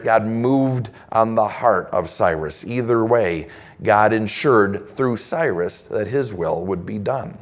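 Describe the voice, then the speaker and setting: A man preaching a sermon, reading scripture aloud and acting out God's replies and the people's complaints. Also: mid-range voice. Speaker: pastor.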